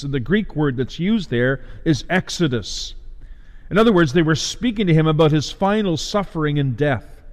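A man delivering a sermon as a preacher, measured, with emphatic rises and slowed stresses. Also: on the high side, in a large hall.

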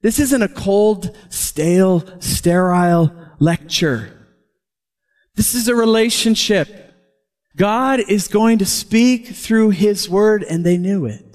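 A man preaching a sermon as pastor, lively and chuckling often as he talks. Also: high-pitched, slow. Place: church. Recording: long hall reverb.

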